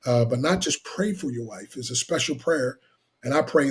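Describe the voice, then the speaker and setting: A middle-aged man telling animated stories about his marriage, laughing often and wandering off on tangents. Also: medium pitch, moderate pace, slightly rough. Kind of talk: animated testimony.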